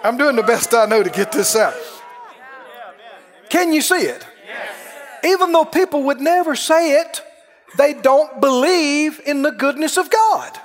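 A man preaching a sermon in a folksy way, dropping low and quiet, then rising to shouts. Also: very animated, unhurried. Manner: folksy, dips soft then rises to shouts. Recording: long reverb of a large hall.

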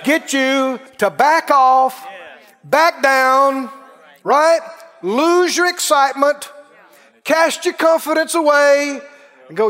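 A man preaching a sermon in a folksy way, dropping low and quiet, then rising to shouts. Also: lively intonation, slow pace. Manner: folksy, dips soft then rises to shouts. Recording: long reverb of a large hall.

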